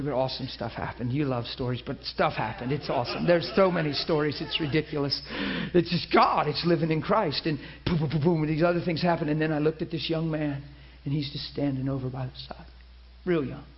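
A male preacher telling a story in his sermon, animated at times and soft and hushed at others. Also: fairly high pitch, brisk. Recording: dull lo-fi recording.

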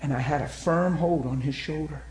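A man preaching and telling a personal story. He is animated and swings between loud and hushed speech. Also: on the high side, normal speed. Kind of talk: sermon testimony storytelling. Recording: echoey room with faint noise.

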